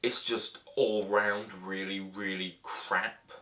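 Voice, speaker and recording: A man's voice: on the low side, flat delivery, slow, bright, forceful tone. A young man casually reviewing a film, rambling and sarcastic, with lots of fillers and restarts.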